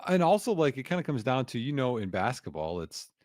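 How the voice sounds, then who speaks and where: A man's voice: medium pitch, very animated, fairly quick, darkish tone, dry recording, clean studio sound. A man co-hosting a casual sports podcast, rambling through his points with many fillers. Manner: rambling, filler-heavy, restarts. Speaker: podcast co-host.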